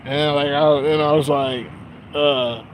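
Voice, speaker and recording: Man, fairly high-pitched, rambling street-side storytelling vlog, swears constantly, light background noise. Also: fairly even intonation, slow pace, low-quality recording. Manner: profane, rambling, lots of filler phrases. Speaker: vlogger. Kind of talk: casual storytelling rant.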